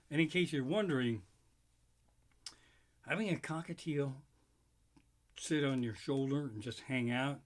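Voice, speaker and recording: A middle-aged man doing loose, profane stand-up, rambling and animated as he tells stories. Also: a little high. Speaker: stand-up comedian. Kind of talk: solo live-streamed stand-up.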